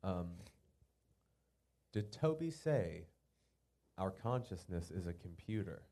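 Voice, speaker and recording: Man, podcast co-host; warm, dark tone; playful quizmaster energy. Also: low-pitched, big pitch swings, takes it slowly. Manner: teasing quiz asker. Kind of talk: casual chat.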